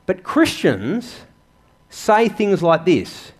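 A man's voice: medium pitch, very animated, unhurried. A man preaching a sermon in a church, earnest and conversational, asking the congregation questions. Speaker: pastor.

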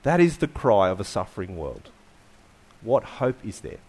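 A male preacher delivering a sermon with a very lively, swinging pitch. He keeps asking his listeners rhetorical questions and lets many phrases sink to soft, quiet endings. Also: moderate pace, breathy edge.

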